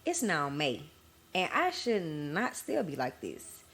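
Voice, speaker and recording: A woman's voice: low voice, huge pitch swings, slow, fairly bright tone. A woman hosting her own podcast, telling her story candidly in casual chat to her listeners. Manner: candid, conversational, addresses listeners as y'all. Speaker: podcast host.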